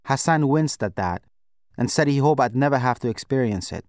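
A man reads a first-person novel aloud in a steady, measured voice of middle pitch. The recording is dry and close, with no room around the voice. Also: no echo. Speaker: audiobook narrator. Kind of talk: scripted narration.

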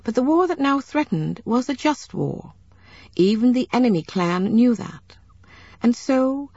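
A woman narrating a novel as an audiobook, in a measured, steady storytelling manner, in a dull lo-fi recording. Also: a little high, vocal fry, husky, no room sound.

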